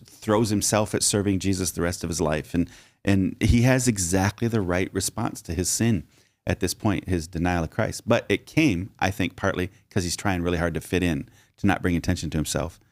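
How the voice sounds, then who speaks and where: A man's voice: deep voice, normal speed, dry recording, clean studio sound. A man co-hosting a podcast, discussing a Bible story and drawing lessons from it in a teacherly way. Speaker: podcast co-host.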